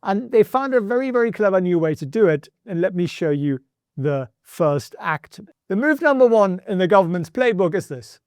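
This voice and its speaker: A man hosting a financial explainer video, talking straight to the viewer in a brisk, persuasive way with casual asides. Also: high-pitched, sing-song, darkish tone, clean tone, no room sound, clean studio sound. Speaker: finance educator and channel host. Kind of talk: direct-to-camera financial explainer.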